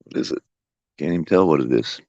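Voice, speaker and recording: Fast and lively in intonation, this man's rumbling low, darkish voice carries a rambling porch chat outdoors at his home. The vlogger tells his viewers and pets profane, folksy stories, laughing plenty. There's no room sound, and the highs are cut off.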